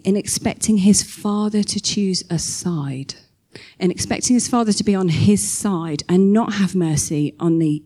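Woman preacher, mellow warm voice, animated storytelling, sermon delivery. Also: fairly low pitch.

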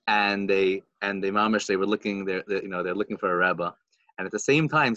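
A man with a medium voice tells an animated story, laughing as he goes and dropping in Yiddish words. It is a loose, casual chat. The sound is dry and a little dull. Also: fairly low pitch, no room sound.

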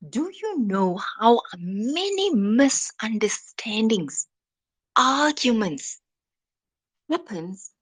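A woman hosting a devotional podcast, speaking in a slow, reflective way and trailing off into soft, whispery phrase endings. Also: mid-range voice. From South Africa.

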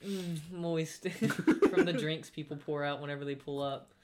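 A man's voice: on the high side, a little slow, very noisy. Rambling young man telling work stories. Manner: rambling, animated retelling with restarts and acted quotes. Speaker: podcast co-host. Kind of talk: casual storytelling chat.

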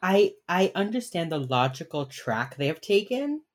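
A woman's voice: on the low side, sing-song, normal speed. A young woman co-hosting a podcast, chatting casually through a TV episode recap, swearing freely and acting out the characters' lines. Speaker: podcast co-host.

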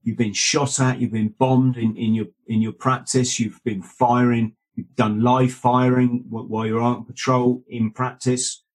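A man in an interview recounts his time as a Royal Marine with earnest conviction. His voice is husky and sits at an ordinary pitch for a man. He keeps pulling the listener in with little asides. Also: level tone, unhurried, hardly any pauses. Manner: earnest, checks in with "right?" and "mate". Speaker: guest, former Royal Marine. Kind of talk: conversational storytelling.

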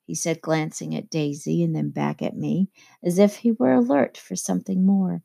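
A woman narrating an audiobook in a measured, expressive reading. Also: on the low side, gravelly. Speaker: audiobook reader. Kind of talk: scripted narration.

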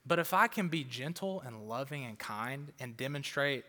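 Fired-up preacher man, bright ringing voice. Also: medium pitch, animated, normal speed. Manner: fired-up preaching, repeats words for emphasis. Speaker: pastor. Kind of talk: sermon. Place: church auditorium before a crowd. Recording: long hall reverb.

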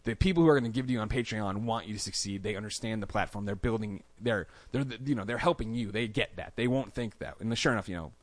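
A man's voice: lowish voice, fast, few pauses, no room sound. A man as a podcast guest, telling stories casually in a studio and acting out quoted lines in a raised voice. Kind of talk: casual storytelling interview.

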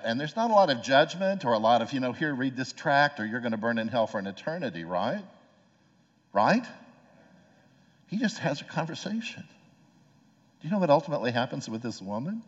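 A man pastor preaching a sermon in a conversational way, often asking the listeners rhetorical questions. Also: mid-range voice. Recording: long hall reverb, dull lo-fi sound.

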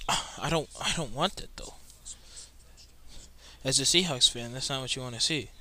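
A young man reacting live to a football game he is watching, muttering and exasperated, with sudden loud outbursts. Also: mid-range voice, normal speed. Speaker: sports fan watching a game.

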